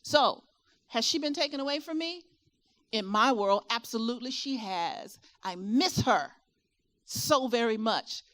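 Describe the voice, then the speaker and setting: A woman's voice: a little high, measured pace. A middle-aged woman from Virginia with a Southern accent gives a motivational talk at a caregiver expo, often putting questions to her audience. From Virginia, USA. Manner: animated, asks the audience questions, rising and falling delivery. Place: expo hall with a live audience.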